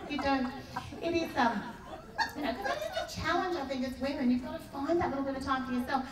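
A woman's voice: high-pitched, fast. A middle-aged woman with an Australian accent performing a stand-up comedy routine, telling self-mocking stories with punchy asides. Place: large expo hall stage. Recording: echoey hall, distant mic, loud audience laughter. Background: audience laughing loudly.

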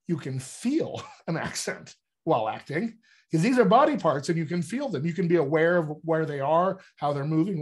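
A man working as a dialect coach, explaining accent work in a casual, upbeat teaching manner with conversational fillers. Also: on the high side.

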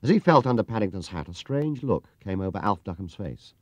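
A man reading a children's storybook aloud in a lively, expressive way. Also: fairly low pitch, a little fast, hardly any pauses, dry recording. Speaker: audiobook reader. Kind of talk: storybook narration.

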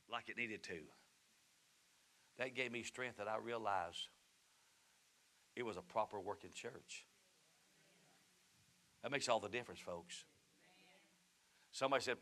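A middle-aged man with a medium-pitched voice and some vocal fry preaches in a church sanctuary. He's a Southern US pastor whose sermon shifts between quiet narration and shouted, fervent passages.

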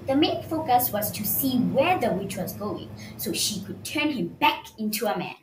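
Woman storybook narrator, animated delivery, faint noise. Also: a little high, normal speed. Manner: expressive, storytelling. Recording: roomy sound with faint noise.

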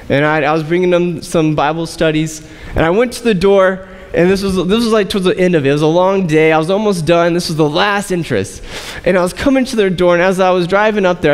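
A man's voice: sits high, big-room sound. A man preaching a sermon as pastor, reading scripture and talking to the congregation in a conversational way, asking them questions. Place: church sanctuary.

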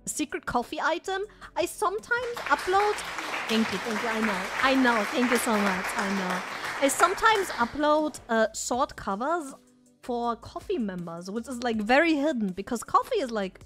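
A woman streamer chatting casually with her viewers, excitable and swearing freely. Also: on the high side, moderate pace, loud music behind the voice, a loud crowd.

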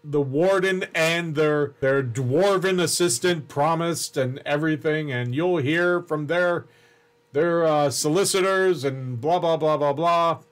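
A man running a tabletop game as game master, describing scenes in a halting, unhurried way with many restarts. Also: on the high side, clean tone.

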